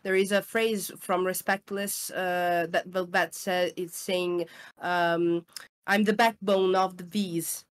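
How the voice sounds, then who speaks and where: A woman's voice: lowish voice, flat delivery, slow. A woman from Italy with an Italian accent, a voice actress guest in a casual interview, explaining her work thoughtfully.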